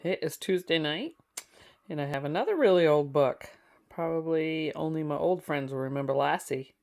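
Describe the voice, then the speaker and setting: A woman's voice: low voice, expressive, normal speed, darkish tone. A woman reading an old children's book aloud to listeners, adding chatty asides between passages.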